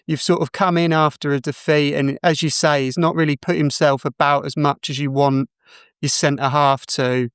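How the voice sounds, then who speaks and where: A man's voice: on the high side, level tone, moderate pace, a bit bright, clear, resonant tone, no echo, clean studio sound. A man hosting a podcast, asking attentive questions and backing up his guest. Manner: attentive, encouraging, short backchannels. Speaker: podcast host. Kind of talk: interview questions.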